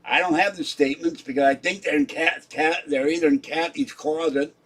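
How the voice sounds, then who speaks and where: A man with a slightly high voice talks casually on his livestream. He rambles from point to point, often dropping into low muttered asides. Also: steady tone, fairly quick, fairly bright tone. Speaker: YouTube livestreamer.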